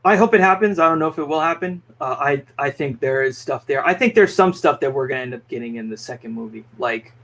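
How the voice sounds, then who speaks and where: A man's voice: mid-range voice, expressive, fast, few pauses, fairly bright tone. A man hosting a film podcast, talking through his thoughts in a thoughtful, hedging way. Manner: thoughtful, hedging, many fillers and restarts. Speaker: podcast host. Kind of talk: casual film review chat.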